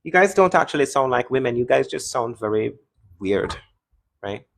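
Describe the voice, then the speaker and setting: A man's voice: medium pitch, animated, moderate pace, gravelly. A man hosting a live-stream debate, taunting and interrupting callers in a combative way.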